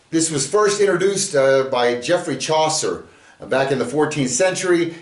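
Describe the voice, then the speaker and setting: A man's voice: medium pitch, reverberant. A man giving a casual Bible lesson video, chatty and full of fillers, reading his verse aloud. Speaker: bible teacher.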